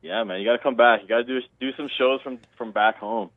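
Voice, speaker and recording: A man's voice: mid-range voice, fast, no echo. A man from Toronto with a Toronto accent, calling into a talk show and rambling casually in slangy talk. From Toronto, Canada. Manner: rambling, loose slangy talk with many restarts. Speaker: caller. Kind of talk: casual phone-in chat. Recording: tinny phone line.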